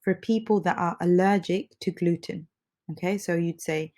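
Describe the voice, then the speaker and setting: A woman teaching an English lesson, feeling a little under the weather, repeating phrases slowly and patiently for learners. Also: lowish voice, warm tone. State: under the weather, slightly congested.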